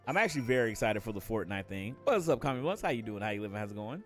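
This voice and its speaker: A man streaming live while gaming, chatting casually with viewers in a relaxed way, swearing and laughing often, and nursing a headache. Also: fairly low pitch, racing, soft background music. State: has a headache.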